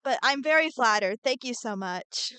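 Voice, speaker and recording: An art streamer draws live while chatting in a bubbly way, answering her chat and muttering to herself as she works. Her voice is a little high, expressive and pushed-bright with a clean tone, at a moderate pace and with no echo.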